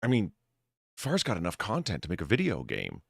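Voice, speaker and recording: Lively low-voiced male stream host. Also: a little fast, creaky, breathy edge, dry recording, clean studio sound. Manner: rambling, self-deprecating, reads donations. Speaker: bartender host. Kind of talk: casual stream chat.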